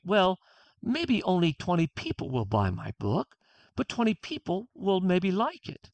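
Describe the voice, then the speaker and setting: A man's voice: sits high, huge pitch swings, unhurried, gravelly, no echo. An author being interviewed, a man speaking earnestly and acting out his own inner self-talk. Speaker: author guest. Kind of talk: interview conversation.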